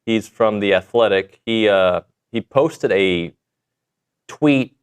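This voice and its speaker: A man hosting a sports talk show in a fairly low voice. He rambles loosely and jokes with his co-hosts in a casual chat. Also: clear, resonant tone. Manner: loose, rambling, quick to banter.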